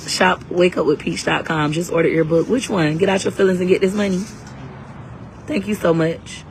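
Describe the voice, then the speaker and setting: A woman's voice: on the low side, slight background noise, low-quality recording. Brash, hyped woman selling live. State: under the weather. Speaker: live-stream seller and coach. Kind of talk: casual livestream sales talk.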